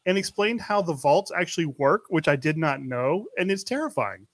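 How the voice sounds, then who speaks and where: A man's voice: fairly high pitch, animated, moderate pace, no room sound. A man co-hosting a podcast, telling rambling stories in casual chat and laughing often. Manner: rambling, laughing storyteller with restarts. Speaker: podcast co-host.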